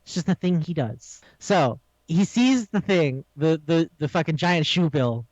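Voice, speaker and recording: A high-pitched man co-hosts a casual podcast and retells a show with lively energy, often acting out the characters' lines. His voice sounds dry and close. The audio is a little dull. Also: measured pace, no echo. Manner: animated storytelling, acts out quotes, laughs often. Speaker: podcast co-host. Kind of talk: casual chat recapping an anime.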